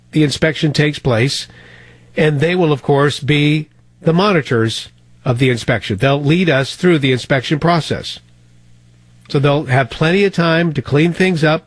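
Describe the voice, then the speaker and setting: A man fills the host chair on talk radio, tearing through the news with sarcasm and one rhetorical question after another. His voice sits slightly higher than most men's. The studio sound is dry and close, with no room around it. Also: dry recording.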